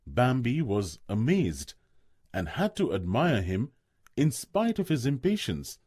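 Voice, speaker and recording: A man reading a story aloud for listening practice, expressive and measured. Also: mid-range voice, breathy edge, dry recording, studio quality. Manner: expressive, slow. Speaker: narrator. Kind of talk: storybook narration.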